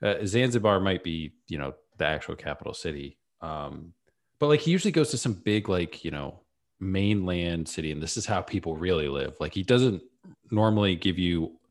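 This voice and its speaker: A man's voice: sits low, expressive, moderate pace. A man co-hosting a podcast, explaining things casually with lots of fillers. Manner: laid-back, explaining with many fillers. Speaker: podcast co-host. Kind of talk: casual chat.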